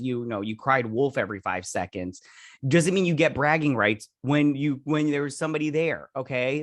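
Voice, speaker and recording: A man's voice: on the high side, dry recording. A man hosting a casual TV episode review, recapping scenes in a rambling, sarcastic way with many fillers and restarts. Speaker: show host reviewing TV episodes.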